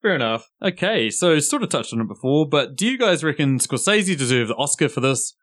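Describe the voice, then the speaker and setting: Man podcast host, mid pitch, relaxed and chatty, thinks out loud. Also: fairly quick. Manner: relaxed, rambling, talks through his points. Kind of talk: casual chat.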